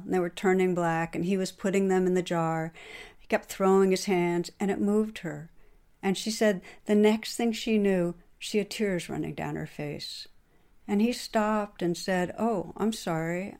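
A middle-aged woman with a somewhat low voice tells a story to her listeners. She speaks in a gentle, earnest way, like a meditation teacher giving a dharma talk.

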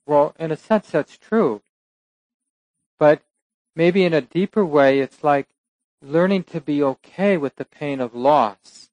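A man's voice: on the high side, darkish tone, no echo, rough recording. Reflective man giving a dharma talk. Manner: unhurried, reflective, with occasional laughs and self-corrections. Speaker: meditation teacher. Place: meditation center hall.

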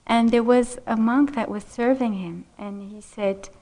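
A middle-aged woman meditation teacher telling a personal story in a dharma talk, unhurried and gentle, laughing softly often. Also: on the high side, fairly even intonation. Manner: unhurried, gentle, frequent soft laughs and "you know".

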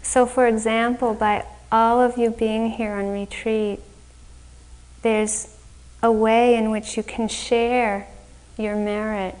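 Slow, gentle woman meditation teacher. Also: fairly high pitch, level tone, clean tone, poor audio. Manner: slow, gentle and reflective, laughing warmly at her own story. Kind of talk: dharma talk. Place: retreat center meditation hall.

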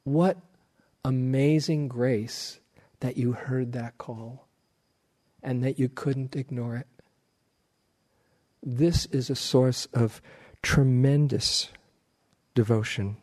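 In a steady, mid-range voice, a middle-aged meditation teacher eases through a dharma talk, telling stories slowly and gently and laughing softly now and then.

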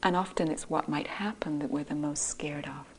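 A middle-aged woman giving a gentle dharma talk as a meditation teacher, often speaking softly and breathily. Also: deep voice, steady tone, normal speed, slight background noise, poor audio. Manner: gentle, soft-spoken, often breathy and near-whispered. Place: meditation hall.

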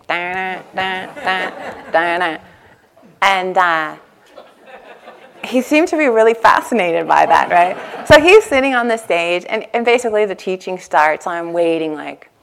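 Chatty woman giving a meditation talk. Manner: animated storytelling, acts out her own past thoughts with rising pitch and laughter; casual and chatty with many "like" and "you know" fillers. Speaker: meditation teacher. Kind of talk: dharma talk to a retreat audience. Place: meditation hall before a live audience.

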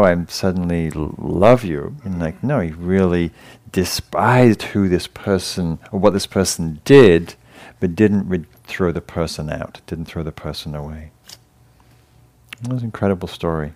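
This is a low-voiced man with an English accent, teaching meditation and giving a dharma talk to a class in a meditation hall. He tells a story softly and haltingly, with pauses and fresh starts along the way.

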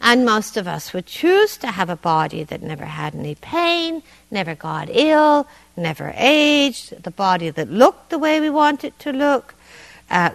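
A woman meditation teacher giving a dharma talk in a meditation hall, conversational and gently humorous. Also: fairly high pitch, creaky.

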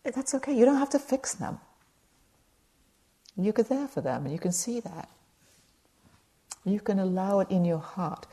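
Low-voiced, mellow woman meditation teacher. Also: vocal fry. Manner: gentle, conversational, talks to the audience with light humor. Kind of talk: dharma talk at a retreat.

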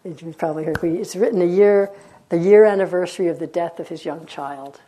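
A woman meditation teacher giving a dharma talk in a gentle, unhurried way, with reflective pauses. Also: fairly low pitch.

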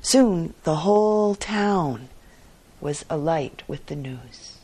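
A woman meditation teacher telling a story in a dharma talk, unhurried and gently expressive. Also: low voice, husky.

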